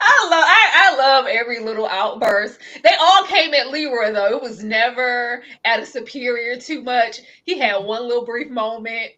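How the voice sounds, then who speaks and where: Lively high-voiced woman laughing through a review. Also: moderate pace, hardly any pauses. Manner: animated, laughs often, acts out characters. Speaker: co-host of a TV review show. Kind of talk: casual review chat.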